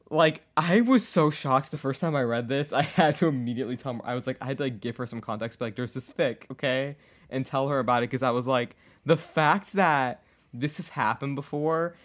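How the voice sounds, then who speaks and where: A man co-hosting a podcast, reading fan fiction aloud and breaking off into excitable, laughing commentary with some swearing. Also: a little fast. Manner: excitable, laughing, swears, jumps high in pitch when outraged. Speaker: podcast co-host.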